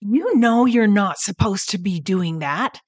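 A woman's voice: mid-range voice, lively intonation, unhurried, a little mellow. A woman voicing an angry mother who sharply scolds her sons. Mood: scolding.

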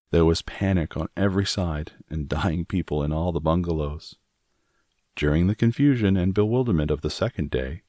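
A man reading a classic novel aloud as an audiobook narrator, in a measured, steady manner. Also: rumbling low, no room sound, clean studio sound. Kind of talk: scripted narration.

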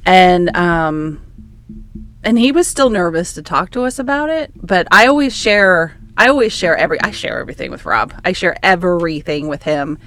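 A woman with a fairly low voice co-hosts a casual podcast chat. She gives frank, relaxed advice from her own experience as a parent. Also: moderate pace. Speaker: podcast co-host and mother.

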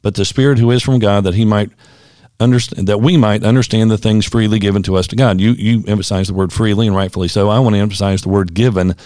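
A man's voice: fairly low pitch, fairly even intonation, fast, mellow, no room sound, clean studio sound. A man, a former pastor who co-hosts a podcast, chatting casually and reading quotes aloud. He talks in a reflective, thoughtful way and often restarts his sentences.

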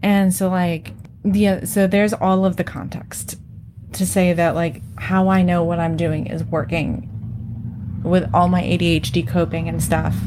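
A woman's voice: lowish voice, darkish tone, slight background noise. A woman in her thirties talking candidly with a co-host about shame and parenting, emotional and loose, peppered with fillers and casual swearing. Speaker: podcast co-host. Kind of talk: candid personal conversation.

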